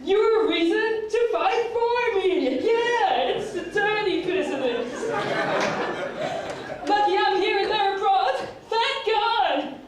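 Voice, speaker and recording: A swaggering, boastful male gangster-rapper president with a deliberately fake Texan accent, as a woman performer puts him on. The rhymes are rapped and chanted in a high voice. It is heard from a distance in a very echoey hall. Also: expressive, a crowd in the background, heavily acted. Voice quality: boastful, rhythmic, rhyming swagger. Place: large echoey live arts venue.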